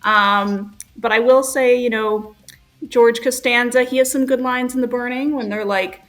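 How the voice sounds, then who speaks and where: A woman's voice: on the high side, steady tone, a little slow, fairly bright tone. A woman on a podcast panel gushing over movie lines and quoting them. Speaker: panel guest. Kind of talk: casual panel chat.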